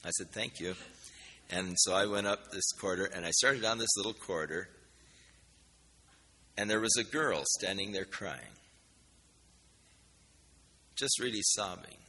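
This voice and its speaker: A man preaching a sermon, telling a personal story in a folksy, animated way and acting out the dialogue. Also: low-pitched, measured pace, pauses often, husky, big-room sound. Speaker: pastor.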